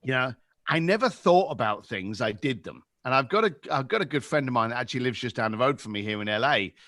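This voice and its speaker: A man in his fifties with a London accent, a podcast guest telling animated stories and acting out the voices in them. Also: medium pitch, quick pace, no room sound, clean studio sound. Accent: London English. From England. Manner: lively, acts out voices in anecdotes. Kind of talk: animated storytelling.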